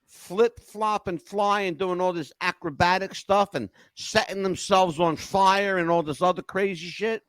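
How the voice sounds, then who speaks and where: An older man hosting a podcast, telling stories in a lively, emotional casual chat. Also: sits high, measured pace, hardly any pauses, dry recording. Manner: animated storyteller, emotional swings. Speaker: podcast host.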